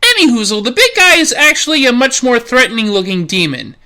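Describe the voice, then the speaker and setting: A woman's voice: a little high, big pitch swings, fairly quick, pushed and bright. A woman host narrating a snarky, profane comedic anime review.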